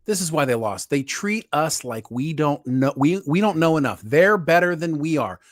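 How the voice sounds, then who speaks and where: Emphatic man, laughs a lot, lively pitch, dry sound, casual podcast. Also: moderate pace, no echo. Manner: laughing often, emphatic and heated. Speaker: podcast co-host. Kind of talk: casual political commentary.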